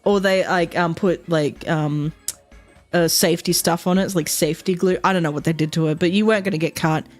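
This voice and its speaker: A woman's voice: on the low side, steady tone, a little fast, darkish tone, faint music behind. A young woman, telling a long story as a streamer, rambling with lots of fillers and quoted asides. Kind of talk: casual storytelling while streaming.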